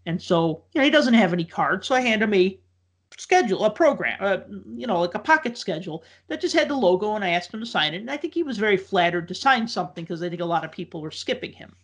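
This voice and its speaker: A man's voice: sits high, animated, quick pace, fairly bright tone. A man telling a long casual story, full of likes, ums and restarts. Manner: rambling, filler-heavy with many likes and ums.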